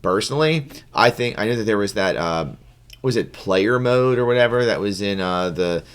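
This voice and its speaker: Male podcast co-host, very low voice, loose rambling delivery. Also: lively intonation, normal speed, clean tone. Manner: rambling, full of fillers and restarts. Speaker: podcast co-host and game judge. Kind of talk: casual podcast chat.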